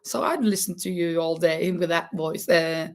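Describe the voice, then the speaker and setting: Woman, Norwegian native speaker, relaxed livestream chat, laughs often, restarts mid-sentence. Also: on the low side. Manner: halting, many restarts and frequent laughter. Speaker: livestream host and schoolteacher. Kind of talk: casual chat while crocheting.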